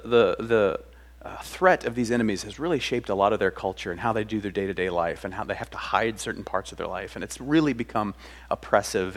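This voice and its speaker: Conversational male pastor preaching a sermon. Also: medium pitch. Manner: conversational, earnest, with many restarts and acted quotes.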